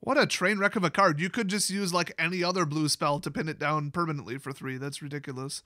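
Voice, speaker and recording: A man's voice: a little high, steady tone, fast, pushed and bright, dry recording, studio quality. A man giving casual, sarcastic commentary while reviewing trading card spoilers. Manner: sarcastic, joking asides.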